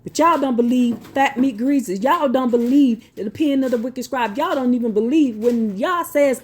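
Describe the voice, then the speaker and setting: A woman with a somewhat high voice reads religious notes in a slow, deliberate way. She breaks off often to scold her listeners in blunt, salty, everyday speech. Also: lively intonation. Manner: slow deliberate reading broken by scolding rants; blunt, profane, colloquial. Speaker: religious teacher. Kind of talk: reading notes with heated asides.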